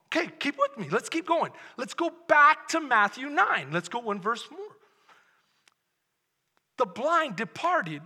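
A man preaching with a very high, bright, ringing voice that swings widely in pitch. His delivery climbs from hushed tenderness to shouted fervor. The sermon echoes through a large church hall with a long reverb tail. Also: big pitch swings, moderate pace, husky. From Texas. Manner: builds from soft and intimate to loud, shouted passion. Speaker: pastor. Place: church sanctuary.

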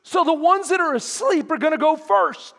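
A man's voice: extremely high pitch, very animated, normal speed, a bit bright, in a large hall. A man preaching a sermon as pastor, emphatic and quizzing his congregation. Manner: emphatic, asks the congregation questions.

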